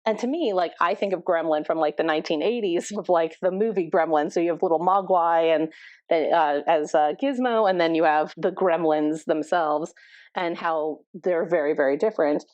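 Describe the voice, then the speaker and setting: Therapist lady chatting on a podcast, lowish voice, dry dull sound. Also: moderate pace, darkish tone, no room sound. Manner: thoughtful, explaining with many likes and you knows. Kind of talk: conversational podcast interview.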